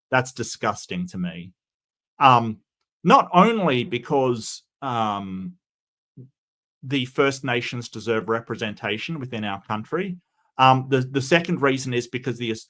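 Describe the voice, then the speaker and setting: A man's voice: mid-range voice, bright, forceful tone. A man chatting casually on a livestream, reading and answering chat, rambling with many restarts and fillers while giving strong opinions.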